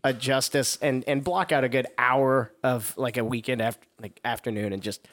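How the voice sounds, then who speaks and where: A man's voice: medium pitch, fairly even intonation, normal speed, fairly bright tone. A man chatting crudely and casually as a podcast co-host, rambling, laughing often and acting out quotes.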